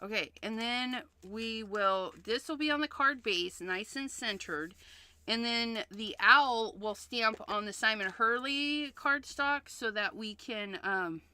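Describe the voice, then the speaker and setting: Chatty woman with a bright voice. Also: fairly high pitch, slow, smooth. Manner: chatty, thinks aloud and repeats herself. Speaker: card-making livestream host. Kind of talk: casual crafting demonstration.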